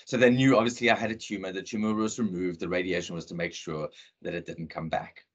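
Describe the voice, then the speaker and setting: A middle-aged South African man with an earnest, animated manner, telling a personal story in a talk over a video call. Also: sits low, fast, breathy edge, highs cut off. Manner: earnest, animated storyteller who acts out dialogue. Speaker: motivational speaker.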